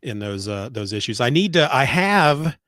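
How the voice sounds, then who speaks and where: A man's voice: medium pitch, normal speed, dry recording, studio quality. Congested, profane middle-aged man chatting. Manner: rambling, profane, animated retelling. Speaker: podcast co-host. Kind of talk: casual chat. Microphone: remote call mic.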